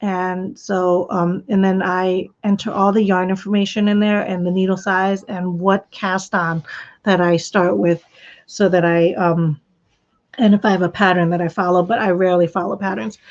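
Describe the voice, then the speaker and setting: A woman's voice: fairly low pitch, level tone, moderate pace. Woman, craft stream host, rambling casual chat, slightly dull lo-fi audio. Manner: rambling, chatty, with frequent restarts and laughs. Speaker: knitting podcast host.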